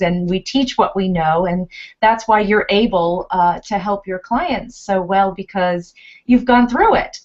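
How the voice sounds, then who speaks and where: Earnest woman podcast host. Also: mid-range voice. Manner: encouraging, earnest. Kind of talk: interview questions and praise. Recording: dull lo-fi audio.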